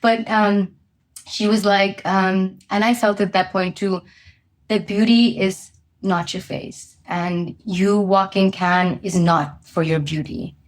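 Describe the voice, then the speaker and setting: A woman's voice: medium pitch, fairly even intonation, slow. A woman being interviewed as a company founder, telling a personal story candidly with many fillers.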